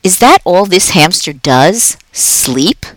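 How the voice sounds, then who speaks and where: A stern, quiet schoolteacher speaks firmly and plainly, as a woman reads her lines in a children's storybook. She stays matter-of-fact, with a dry, close sound. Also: fairly low pitch, very animated, takes it slowly, no echo, voice pushed up.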